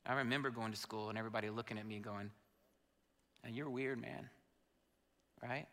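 Bright-voiced pastor in a reverberant hall. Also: male voice, medium pitch, steady tone, brisk. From Indiana, USA. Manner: emotional, confessional storytelling. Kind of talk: personal sermon story.

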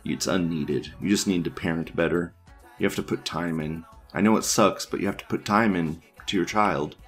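A man's voice: deep voice, moderate pace, faint music behind. A man hosting an online news show, casually reading forum posts aloud and riffing on them in a crude, rambling way, laughing often and restarting his sentences.

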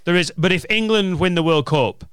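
A man's voice: high voice, brisk, a bit bright, clean tone, dry recording, studio quality. A man with a Lancashire accent, a comedian chatting casually on a podcast, swearing and telling stories. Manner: sweary, joking, storytelling.

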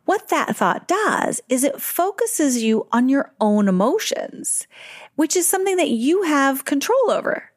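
A middle-aged woman hosting a podcast, giving parenting advice in a calm, reflective way and slowing down on key words. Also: high-pitched, no room sound, clean studio sound. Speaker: parent educator and podcast host.

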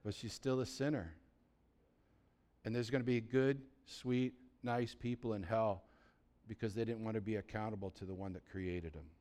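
A man's voice: on the low side, steady tone, normal speed, mellow. A man preaching a sermon as pastor, blunt and urgent, asking the listeners rhetorical questions.

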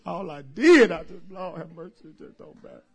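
A man voicing a distraught woman congregant, who stammers and pleads in a hushed, tearful voice. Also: sits high, animated, a little fast.

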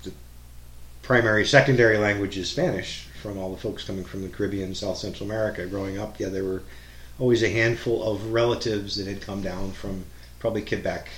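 Low-voiced rambling man, echoey room. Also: steady tone, brisk, fairly bright tone, distant mic, slight background noise. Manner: rambling, anecdotal. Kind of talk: casual chat. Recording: echoey room with faint ambience.

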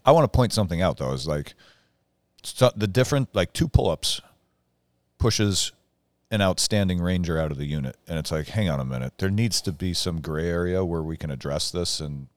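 A man with a very deep voice hosts a podcast and chats casually. He is blunt and profane and often jumps in mid-story. The sound is dry and close, with no room echo. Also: lively intonation. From United States. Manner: blunt, profane, quick to interject. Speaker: podcast host. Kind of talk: casual chat.

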